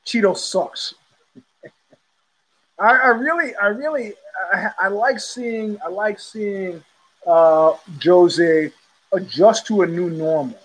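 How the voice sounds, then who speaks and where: A man's voice: high-pitched, slow, rough recording. A man hosting his own show, talking in a blunt, sardonic, rambling way, with frequent restarts. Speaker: host. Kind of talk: casual solo commentary.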